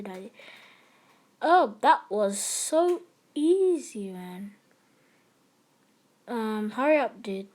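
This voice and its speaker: A young woman chatting casually and giggling while she plays and streams an online game. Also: mid-range voice. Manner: chatty, giggly, easily excited. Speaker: gamer streamer.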